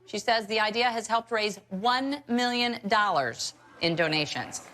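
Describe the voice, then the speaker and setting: A woman presenting a news report with an expressive delivery. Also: mid-range voice, measured pace.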